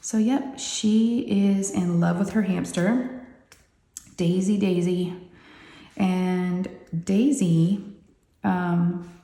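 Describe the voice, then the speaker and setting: A woman hosts a casual vlog, chatting along at length with plenty of friendly asides. Her voice sits a little low and sounds soft and mellow. The room around her gives a noticeable echo. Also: fairly even intonation, extremely slow, pauses often. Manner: rambling and chatty, full of "you know" asides. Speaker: craft channel host. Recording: roomy echoey room.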